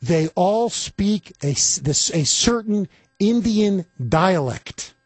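Emphatic talk radio host, high lively voice. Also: male voice, slow, breathy edge, no room sound. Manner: emphatic, indignant, repetitive. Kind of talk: political talk radio monologue. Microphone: studio microphone.

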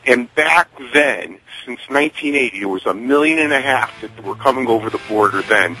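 A man calling in to a radio talk show, telling a story in a halting, earnest way over a phone line. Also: mid-range voice, bright, forceful tone, slightly rough. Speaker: caller.

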